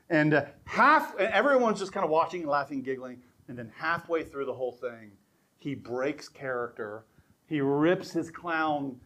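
A man preaching a sermon, telling a story in an animated way, often restarting and repeating words. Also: on the high side.

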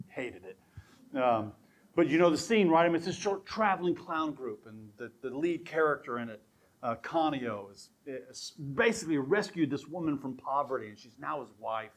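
A man preaching a sermon, telling a story in an animated way, often restarting and repeating words. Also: medium pitch.

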